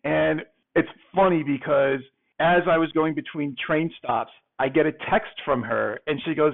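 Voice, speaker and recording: A man telling a wild first-date story in a casual, animated way, acting out both sides of the exchange. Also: fairly high pitch, normal speed, creaky. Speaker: guest telling a dating story. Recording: phone-like remote call audio.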